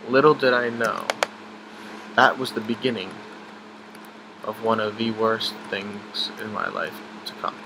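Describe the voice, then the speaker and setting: Young man telling a halting personal story. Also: fairly low pitch, flat delivery, noisy background. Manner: halting, emotional, many restarts and fillers.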